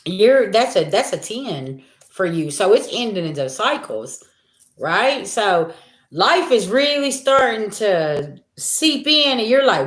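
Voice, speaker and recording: A woman's voice: mid-range voice, sing-song, takes it slowly. A woman giving a casual livestream talk as a spiritual reader, folksy and chatty, calling her viewers y'all. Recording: roomy echo.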